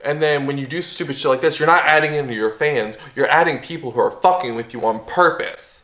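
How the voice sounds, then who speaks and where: A man's voice: fairly high pitch, brisk, fairly bright tone, roomy sound. A man and YouTuber, worked up and swearing, ranting in a commentary vlog. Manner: profane, heated ranting.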